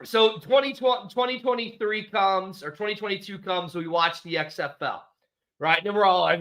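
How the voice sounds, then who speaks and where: A man's voice: high-pitched, normal speed, bright, forceful tone. A man co-hosting a casual sports talk show, emphatic and repeating his points for stress. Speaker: podcast co-host. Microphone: studio microphone.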